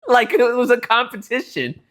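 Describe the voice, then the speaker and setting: A young man co-hosting a podcast, telling an animated, profane story in casual chat. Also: very high voice, moderate pace. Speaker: podcast co-host.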